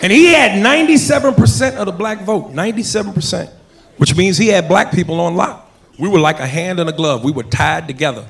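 A man's voice: sits high, fairly quick, vocal fry. A man doing a stand-up routine, talking straight to the crowd in a punchy delivery. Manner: punchy, addresses the audience directly. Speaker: stand-up comedian. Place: comedy club stage with audience. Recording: roomy club with crowd noise.

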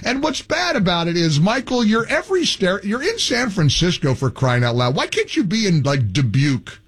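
A man's voice: high voice, sing-song, moderate pace, a bit bright, slightly rough. Sarcastic heated male radio host. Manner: sarcastic, mocking, heated and argumentative. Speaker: radio talk show host. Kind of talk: combative call-in radio talk.

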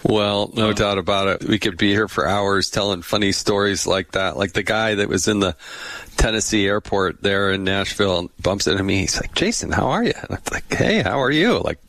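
A man's voice: deep voice, moderate pace, dry recording. A middle-aged man hosting a political podcast, chatting casually and telling funny anecdotes. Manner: chatty, tells funny anecdotes with animated quoted voices. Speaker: podcast host.

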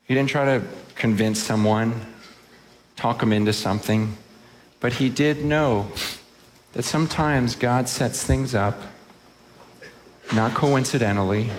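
A man's voice: lowish voice, in a large hall, a little hiss or hum. A man preaching a sermon to a congregation, impassioned, and acting out the voices of those he quotes. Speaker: pastor. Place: in a room with a congregation.

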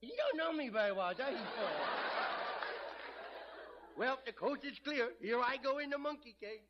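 A man's voice: very high voice, lively intonation, moderate pace. An actor playing a mischievous little boy who talks in ungrammatical kid speak, in an old-time radio comedy. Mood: sly. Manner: impish, ungrammatical kid talk. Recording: hissy lo-fi old radio recording.

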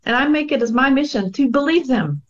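A woman's voice: sits high, expressive, brisk, highs cut off. A woman in her forties candidly recounts her own experience as an interview guest. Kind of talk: personal testimony.

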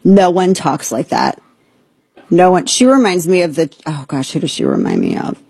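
Sarcastic husky talk-radio host woman. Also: on the low side, wildly swooping pitch, normal speed, a little mellow, no echo. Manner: sarcastic, incredulous, mocking. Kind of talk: opinionated talk radio commentary.

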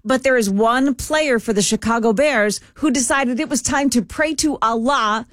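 A woman's voice: on the high side, normal speed, dry recording. A woman co-hosts a talk show in loose, chatty banter. She laughs easily and often trails off mid-thought. The recording is dry and close. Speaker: radio show co-host. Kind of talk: casual chat.

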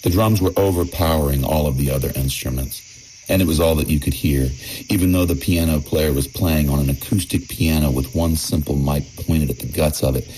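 A man's voice: very deep voice, fairly quick, warm tone, a little hiss or hum, poor audio. A man narrating a personal anecdote in the first person, in a wry, emphatic manner. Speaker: storyteller.

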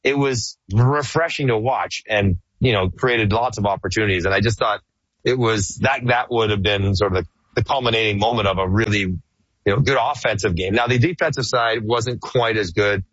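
Middle-aged male hockey broadcaster, husky low voice, dry lo-fi line, chatty and rambling. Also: moderate pace, dry recording. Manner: animated, laughs easily, rambling restarts. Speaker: hockey play-by-play broadcaster guest. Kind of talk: casual sports radio chat.

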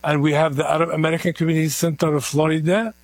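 A middle-aged man with a heavy Palestinian Arabic accent answers plainly and earnestly. His voice sits a little high for a man. The sound is dry and close. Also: flat delivery, quick pace, dry recording. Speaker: community organizer, guest. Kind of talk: interview at an event.

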